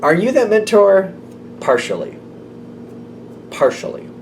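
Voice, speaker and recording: A man's voice: high-pitched, sing-song, a little slow, darkish tone, far from the mic, a little hiss or hum. A man giving a casual tarot reading to camera. He talks in a loose, intuitive way, full of "like" and "um". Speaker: tarot reader.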